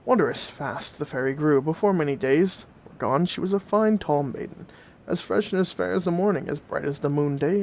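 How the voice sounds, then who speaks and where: A man narrating old folk tales in a gentle, old-fashioned fireside storytelling manner. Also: fairly high pitch, slight background noise.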